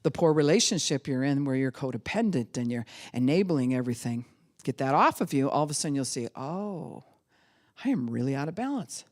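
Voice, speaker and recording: Woman pastor preaching, lively swoopy voice, acts out little voices and laughs a lot. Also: very deep voice, fairly quick. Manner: animated, acts out quotes, laughs often. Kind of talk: sermon.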